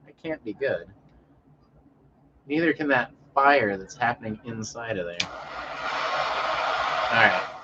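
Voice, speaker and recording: A relaxed man from Denver talks loosely to his livestream viewers at home and calls them out by name. His voice sits at an ordinary middle pitch. The audio is dull and low-fi, with a faint hiss behind it. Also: takes it slowly, long pauses. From Denver, Colorado. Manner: laid-back, rambling, answers chat by name. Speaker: livestream host reading chat. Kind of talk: casual livestream chat. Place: home, indoors.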